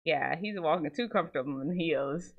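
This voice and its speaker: A woman's voice: deep voice, moderate pace, gravelly, phone-quality sound. A woman hosting a casual show, chatting to viewers about viral clips. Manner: chatty, animated, talks to viewers as y'all. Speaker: host of a reaction show.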